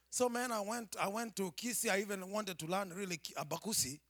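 A man with a Kenyan accent, a preacher giving a personal testimony with dramatic storytelling that swings from hushed to shouting. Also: high voice, fairly quick, no echo.

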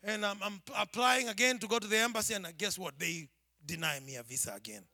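A man with a Kenyan accent, a preacher giving a personal testimony with dramatic storytelling that swings from hushed to shouting. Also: sits high, fast talker, no echo, clean studio sound.

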